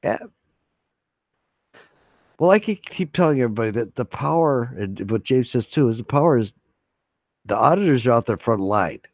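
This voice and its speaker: A man's voice: medium pitch, lively intonation, moderate pace, long pauses, no room sound. Streamer host, male, loose rambling chatter with laughs, slightly muffled dry recording. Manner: rambling, laughing and swearing freely. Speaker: streamer hosting a live hangout. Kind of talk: casual live-stream chat. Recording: dry, slightly dull lo-fi sound.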